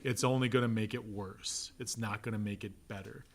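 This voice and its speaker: A pastor teaching a relaxed Bible class, conversational and joking, with an Upper Midwest American accent. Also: male voice, fairly low pitch. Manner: conversational, asks "right?" often, acts out quick voices. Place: church classroom.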